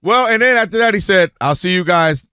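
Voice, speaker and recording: A man's voice: high-pitched, lively intonation, a little fast, bright, forceful tone, clean tone, dry recording, studio quality. A man hosting a sports talk show, arguing his point and acting out quotes in other voices, repeating words when fired up. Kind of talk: animated sports debate.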